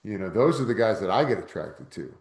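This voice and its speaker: A man hosting an interview, talking in a relaxed, matey way. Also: lowish voice, fairly quick, reverberant. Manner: relaxed, matey, says dude. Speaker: interview host. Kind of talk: casual interview chat.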